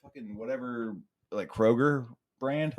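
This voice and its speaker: A man's voice: medium pitch, unhurried, lo-fi sound. A young man co-hosting a podcast in a casual chat, joking and teasing with plenty of swearing. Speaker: podcast co-host.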